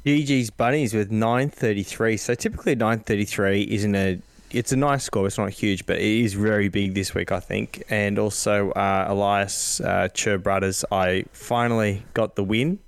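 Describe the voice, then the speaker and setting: A man's voice: lowish voice, moderate pace, gravelly, hardly any pauses, smooth, no echo. A man co-hosting a podcast, casually running through sports stats with a few fillers. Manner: relaxed, lists numbers with fillers. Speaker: co-host.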